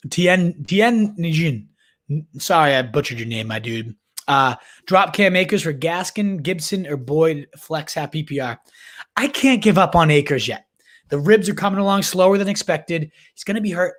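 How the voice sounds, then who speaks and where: A man hosting a live fantasy football Q&A, talking in a hyped, slangy way, often restarting mid-sentence. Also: fairly high pitch. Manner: hyped, slangy, calls viewers "baby" and "my dude"; restarts and repeats words while thinking aloud. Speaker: fantasy football livestream host. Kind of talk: casual live Q&A chat.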